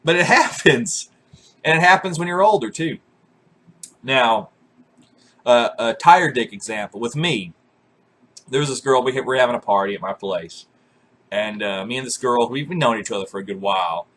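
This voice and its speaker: Vlogger, man in his 20s, husky bright voice, crude and profane, laughing through raunchy stories. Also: mid-range voice, expressive, normal speed, pauses often. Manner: profane, laughs often, bursts into loud acted shouts. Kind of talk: crude comic storytelling.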